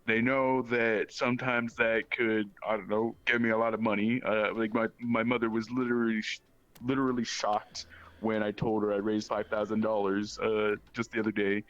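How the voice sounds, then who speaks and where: A young man guest chatting casually, rambling with many pauses and restarts. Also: fairly low pitch, little pitch movement, fairly bright tone, dry recording, dull audio. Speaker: guest streamer. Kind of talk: casual chat.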